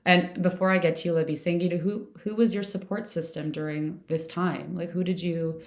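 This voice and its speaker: A woman's voice: fairly low pitch, steady tone, fairly quick, reverberant. A woman hosting a podcast, chatting casually with many "like" fillers. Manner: warm filler-heavy chat, lots of "like". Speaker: podcast host. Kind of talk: casual conversation.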